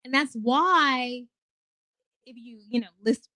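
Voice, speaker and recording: A woman in her twenties hosting her own stream, talking in a loose, rambling way full of fillers and casual swearing. Her voice sits a little high, and the sound is dry with no room echo. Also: slow, sharp tone. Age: 20s. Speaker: host. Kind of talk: casual livestream talk.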